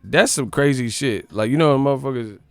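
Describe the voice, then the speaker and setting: A man from the Bay Area hosting a sports live stream, ranting in a profane, animated, comedic way and laughing often. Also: mid-range voice, normal speed, clean tone, dry recording, faint music behind. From San Francisco Bay Area.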